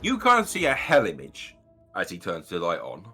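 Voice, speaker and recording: A man's voice: sits low, huge pitch swings, moderate pace, sharp tone, faint music behind. A man running a tabletop game as game master, narrating scenes casually with fillers and swearing.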